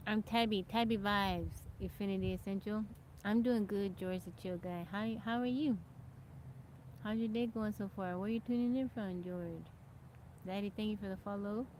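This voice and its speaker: Out in nature, an American livestream host chats casually and thanks viewers, greeting each by name as they join. Her medium-pitched voice is steady and darkish at a moderate pace, with a little hiss or hum in the recording.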